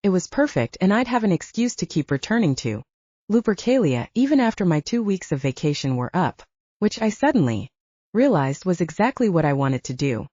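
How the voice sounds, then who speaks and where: A woman narrating a first-person audiobook in an expressive storytelling manner, close to the mic. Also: on the low side, fairly quick, no echo. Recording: slightly dull, dry recording.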